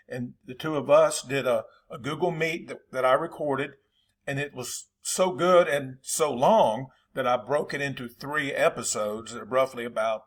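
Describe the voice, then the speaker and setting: A man's voice: mid-range voice, a bit bright. A man with a Southern accent, a football coach hosting his channel, talking casually and in a folksy, rambling way to his viewers.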